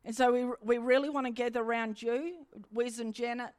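A middle-aged woman preaches with fervent emphasis and circles back on her own phrases. Her voice sits a little higher than most women's. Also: steady tone, brisk, darkish tone, clean tone. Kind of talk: sermon.

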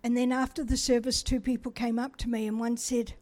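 Speaking in a slightly high, level voice, a middle-aged woman from New Zealand recounts her personal testimony. She's warm, talkative and pokes fun at herself, often breaking into brief lines of dialogue.

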